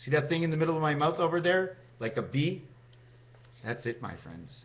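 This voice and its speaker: A man's voice: on the high side, big pitch swings, a little fast. A man talking in a meandering vlog monologue, counting out numbers and speaking directly to his viewers. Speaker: vlogger. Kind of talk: rambling numerology monologue to camera. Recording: dull lo-fi sound.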